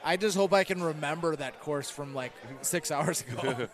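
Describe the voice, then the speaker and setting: A man with a somewhat high voice gives loose, chatty commentary full of fillers and self-deprecating asides. He breaks down each shot analytically. A clear crowd hum fills the bowling alley around him. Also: moderate pace. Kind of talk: casual live game commentary.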